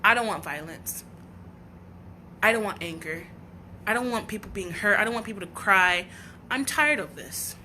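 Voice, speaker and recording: A woman's voice: medium pitch, animated, moderate pace, pauses often, bright, forceful tone, a little hiss or hum. A woman from the United States hosting a livestream, talking in a raw, earnest and heartfelt way, often breaking off and restarting her sentences. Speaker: livestream host. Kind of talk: emotional personal livestream talk.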